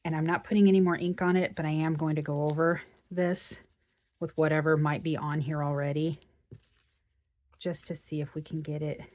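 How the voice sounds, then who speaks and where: Brief: woman craft host, lowish voice, relaxed chatty walkthrough at her table. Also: moderate pace. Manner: chatty, thinks aloud while working. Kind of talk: casual craft tutorial.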